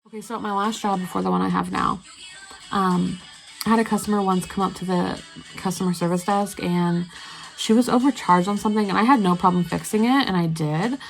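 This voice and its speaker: A young beauty vlogger rambles through a story while doing her makeup, chatty and full of fillers. Her medium-pitched voice is brisk with vocal fry, faint music plays behind her, and the recording is rough.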